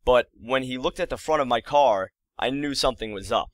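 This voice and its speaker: A man's voice: mid-range voice, no room sound. Exasperated young man telling a story. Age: early 20s. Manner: exasperated, rambling retelling with quick asides. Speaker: vlogger. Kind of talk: casual storytelling to camera.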